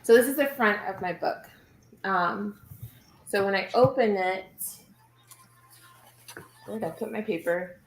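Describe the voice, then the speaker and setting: A woman's voice: mid-range voice, unhurried, long pauses, a little hiss or hum. Cheerful chatty woman, echoey room. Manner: chatty, cheerful, lots of fillers. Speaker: crafting livestream co-host. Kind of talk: casual crafting livestream demo.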